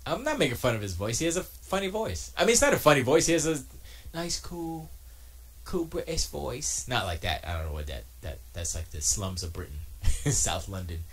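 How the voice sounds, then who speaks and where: Animated man chatting on a live stream. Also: medium pitch, moderate pace, slightly rough. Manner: animated, joking, argumentative. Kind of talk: casual live-stream chat, answering chat. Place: home studio.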